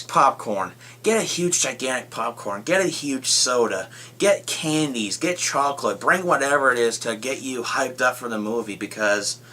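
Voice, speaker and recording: A young man giving a casual, rambling movie review vlog, retelling scenes excitedly and swearing often. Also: medium pitch.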